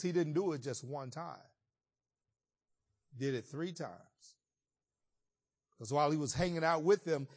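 Male pastor, conversational storytelling sermon. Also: fairly high pitch. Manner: conversational storytelling, colloquial asides.

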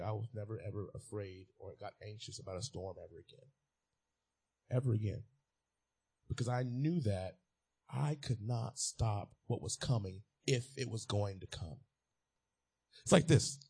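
A man's voice: on the low side, darkish tone, husky. A man preaching a sermon as a pastor, repeating key phrases and building to emphatic peaks.

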